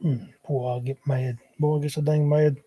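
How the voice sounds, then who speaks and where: A man's voice: on the high side, little pitch movement, normal speed, dark tone, dry recording. A man, rambling casually on a livestream from his couch at home, talking into a laptop microphone in a drawling, wandering way with muttered asides.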